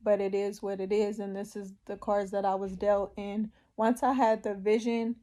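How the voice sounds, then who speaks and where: A woman giving a personal faith testimony, emotional and tearful, speaking haltingly with long pauses. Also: medium pitch, level tone, warm tone.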